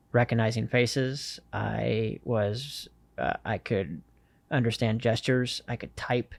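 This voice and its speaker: Gravelly-voiced young man telling his story. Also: medium pitch, darkish tone, dry recording. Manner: earnest, with many fillers and pauses. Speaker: interview guest. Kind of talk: personal storytelling.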